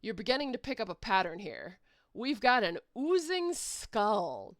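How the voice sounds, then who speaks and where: Young woman reading a webcomic aloud, slow and playful, lively pitch, dry close mic. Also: no room sound. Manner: playful, animated, reacts to the text. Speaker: webcomic reader.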